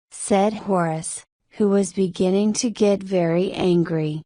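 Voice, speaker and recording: Very slow, deliberate woman narrator. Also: lowish voice, fairly even intonation, a little mellow, no echo, studio quality. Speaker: story narrator. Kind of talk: graded reader narration for learners.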